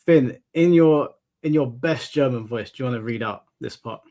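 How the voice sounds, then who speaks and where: A man's voice: mid-range voice, normal speed, mellow. Blunt, incredulous male podcast host. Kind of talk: casual podcast chat.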